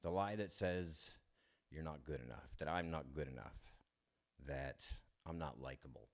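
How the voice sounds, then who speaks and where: A man giving a candid, self-deprecating personal testimony, chuckling often and restarting his sentences. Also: extremely low pitch. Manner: halting restarts. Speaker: speaker sharing his recovery story.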